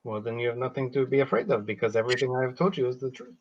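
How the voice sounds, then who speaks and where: A man's voice: mid-range voice, animated, racing, a little mellow, slight background noise, natural voice. A man voicing a stubborn adventurer, defiant, hesitant fillers, dull lo-fi sound. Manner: defiant, curses, many filler ums. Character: stubborn male adventurer guarding his own quest. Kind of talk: in-character tabletop role-play.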